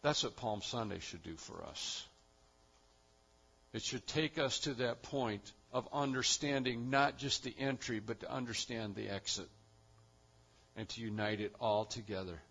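A man preaching a sermon, building to loud emphatic repetitions and then dropping to quiet, low stretches. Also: unhurried, creaky, slightly rough, highs cut off. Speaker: pastor.

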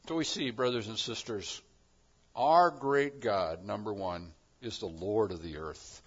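A man preaching a sermon as pastor, moving between quiet reflective passages and loud, emphatic declarations. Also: fairly low pitch, measured pace, breathy edge, dull audio.

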